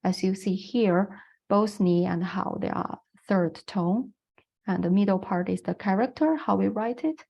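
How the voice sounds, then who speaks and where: A woman's voice: mid-range voice, a little slow, gravelly, highs cut off. A woman with a Chinese accent, a non-native English speaker, giving an online lecture on the Chinese language in a patient, explanatory way with frequent fillers.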